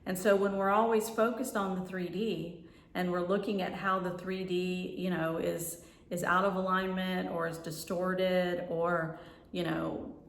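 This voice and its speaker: A woman's voice: lowish voice, flat delivery, a little slow. A woman spiritual life coach giving a flowing teaching monologue, repeating phrases and checking in with "right?". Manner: flowing, repetitive, tags lines with "right?". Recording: roomy, from far off the mic.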